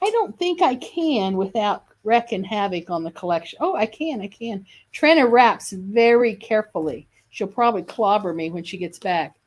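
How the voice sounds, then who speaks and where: A woman's voice: mid-range voice, animated, moderate pace, few pauses. Chatty woman selling quilt kits. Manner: chatty, enthusiastic, self-correcting. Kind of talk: live sales video.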